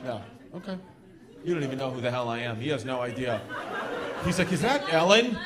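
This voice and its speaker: A man doing crowd work in a stand-up comedy club, loud and laughing, then dropping to a mutter for asides. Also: medium pitch, fairly quick. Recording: live club recording with crowd noise. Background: laughing audience.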